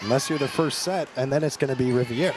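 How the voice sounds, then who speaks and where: A man's voice: medium pitch, fast talker. A young man doing playful play-by-play commentary for a college volleyball match in a gymnasium. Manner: playful, joking banter. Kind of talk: live sports commentary. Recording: loud crowd and gym noise behind.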